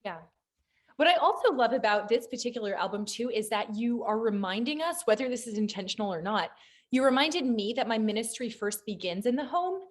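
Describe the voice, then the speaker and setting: A woman's voice: a little high, expressive, brisk. A woman interviewer in a chatty conversation, affirming her guest and talking about motherhood.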